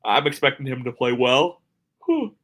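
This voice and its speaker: Male podcast host, solo, middle pitch, casual and opinionated, a little sleepy, lots of ums. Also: fairly even intonation, moderate pace, fairly bright tone. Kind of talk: solo sports preview talk.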